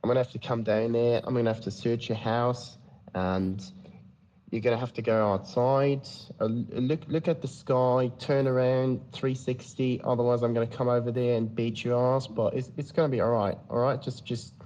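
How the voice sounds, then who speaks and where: A man's voice: medium pitch, fairly even intonation, moderate pace, a little mellow, dull audio, pitched above the performer's own voice, close to an everyday voice. A man putting on a blustery Australian cop. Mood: threatening. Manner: gruff, bullying, then falsely reassuring. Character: blustery Australian male police officer, threatening.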